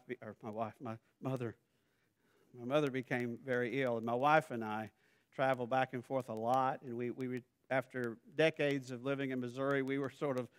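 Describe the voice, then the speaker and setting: A middle-aged man from Southern Arkansas with a Southern accent, preaching a sermon in a conversational way that builds to loud, emphatic passages. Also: mid-range voice, clean tone. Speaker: pastor.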